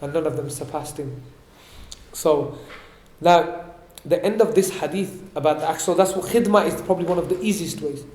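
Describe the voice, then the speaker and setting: A man giving a religious talk, explaining points and asking his listeners questions, reciting Arabic quickly before translating it. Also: fairly high pitch, darkish tone, roomy sound. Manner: explains and asks the audience questions. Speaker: religious teacher. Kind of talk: sermon. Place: event hall.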